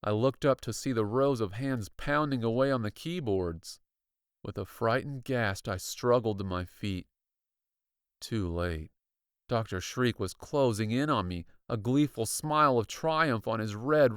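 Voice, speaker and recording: A man reading a spooky children's book aloud in slow, dramatic scripted narration. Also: clean tone, dry recording, studio quality. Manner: slow, dramatic storytelling with lively pitch. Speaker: audiobook reader.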